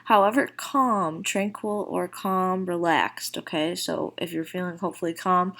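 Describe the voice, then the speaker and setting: A woman with a low, gravelly voice walks through a recorded vocabulary lesson. She explains in a casual, chatty way and then slows right down to model each phrase clearly. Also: a bit bright. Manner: slow, deliberate model phrases with casual fillers. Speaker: Spanish teacher.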